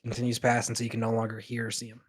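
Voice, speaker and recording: A man's voice: medium pitch, monotone, rapid-fire. A man narrating a tabletop game as game master, in a loose style full of fillers.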